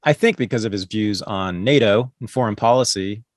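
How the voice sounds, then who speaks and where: A man's voice: fairly low pitch, normal speed, no echo, clean studio sound. A man hosting a podcast, making earnest, opinionated points in a casual interview chat. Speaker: podcast host.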